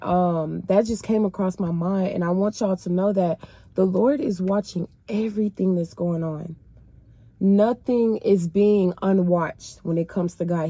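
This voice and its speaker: A woman recounts her faith journey in an emotional, colloquial way, calling her listeners "y'all". Her voice sits fairly low, and the recording is dry and close, with no room sound. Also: warm tone, no room sound. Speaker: person sharing her faith testimony. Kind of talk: casual personal storytelling.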